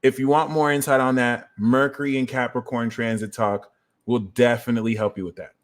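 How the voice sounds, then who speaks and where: A man hosting an astrology livestream, walking viewers through planetary transits in an energetic, conversational way with quick asides. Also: medium pitch. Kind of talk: explaining astrology transits to a live audience.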